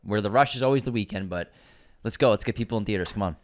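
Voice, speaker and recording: A man's voice: fairly low pitch, quick pace. Role: podcast co-host. Sex: man. Style: casual movie news chat. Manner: enthusiastic, rambling, restarts his sentences.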